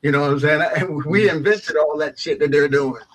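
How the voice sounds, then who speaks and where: A man's voice: fairly high pitch, fairly quick, rough recording. A middle-aged man hosting a radio talk show, rambling and opinionated, peppering his talk with "you know what I'm saying.".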